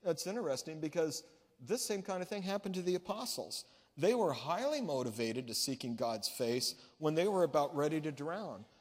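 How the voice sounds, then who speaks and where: A man's voice: fairly high pitch, animated, normal speed. Male pastor preaching in a reverberant hall. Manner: storytelling, conversational preaching with restarts. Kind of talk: sermon. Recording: long reverb of a large hall.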